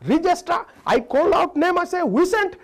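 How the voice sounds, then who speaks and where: A man's voice: very high voice, animated, moderate pace, a crowd in the background, voice pushed up. A man voicing a strict male schoolteacher in India with an Indian accent, talking in clipped broken English. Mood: insistent. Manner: loud, clipped broken English, emphatic repetition.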